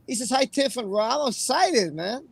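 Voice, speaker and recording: A man's voice: very high voice, expressive, moderate pace, gravelly, husky, poor audio. A man hosting a livestream and chatting casually. He sounds emotional and apologetic, and he reads out viewers' comments by name. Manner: emotional, apologetic, reads chat names aloud. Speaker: livestream host.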